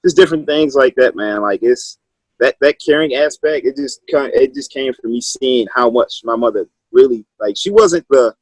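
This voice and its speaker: A high school wrestling coach from Maryland, a man in his thirties, rambles through his stories as an interview guest, restarting often in a relaxed way. He speaks at a moderate pace in a mid-range voice with a breathy edge, captured in a dry, rough recording.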